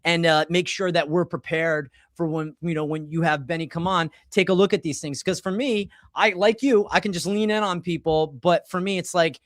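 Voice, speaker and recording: A man in his forties hosting a casual podcast chat, telling animated, rambling stories full of restarts. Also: fairly high pitch, normal speed, few pauses, no room sound, studio quality. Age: 40s. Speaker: podcast host.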